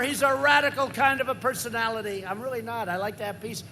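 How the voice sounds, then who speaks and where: High-pitched rambling older man at a rally. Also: fairly even intonation, fast, few pauses, a little hiss or hum. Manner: repetitive, rambling, swings to loud emphasis. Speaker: politician at a rally. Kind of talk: campaign rally speech. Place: large campaign rally.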